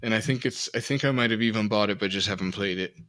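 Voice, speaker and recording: Middle-aged male co-host, bright forceful tone, rambling, self-deprecating. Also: fairly low pitch, quick pace. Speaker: podcast co-host. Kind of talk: casual chat.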